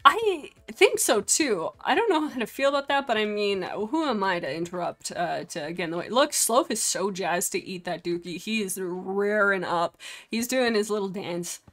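A young woman streaming a game, chatting casually and excitably, gasping, giggling and speaking for her virtual pets. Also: medium pitch, normal speed. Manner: excitable, giggly, gasping, voices the pets' thoughts. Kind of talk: casual gameplay commentary.

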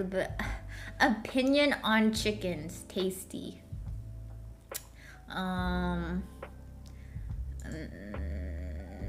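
A woman streamer chatting casually and answering viewer questions, self-deprecating and giggly, humming little filler tunes. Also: medium pitch.

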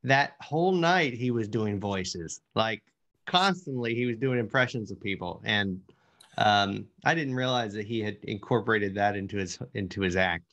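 A man's voice: fairly low pitch, moderate pace, a bit bright, lo-fi sound. A man in casual chat, recalling a friend in a reflective way.

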